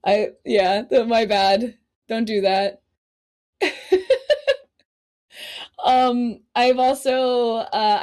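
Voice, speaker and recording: A woman guest on a podcast telling stories in a casual, animated way, laughing often and swearing freely. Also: on the high side. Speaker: podcast guest, cosplay model. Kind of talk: casual storytelling chat.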